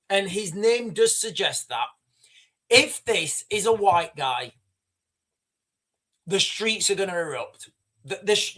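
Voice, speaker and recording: Guy livestreaming news reactions, highish voice, rambles and repeats himself a lot. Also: fairly bright tone. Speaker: livestream host. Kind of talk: live news commentary.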